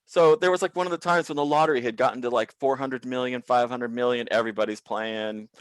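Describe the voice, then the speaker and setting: A man in comic storytelling mode, dry and close with no room sound. He switches into loud, higher voices for the people he quotes and swears freely. His own voice sits at an ordinary middle pitch. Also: fast, clean tone, dry recording. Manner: animated, profane, acts out quoted people with big pitch jumps. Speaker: comedian guest. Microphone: video call.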